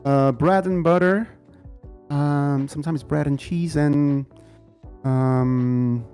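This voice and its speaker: A Brazilian man who speaks Portuguese as his first language, teaching an online English class in a slow, repetitive way and often checking in with "okay?" and "right?". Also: on the high side, steady tone, darkish tone, smooth, faint music behind.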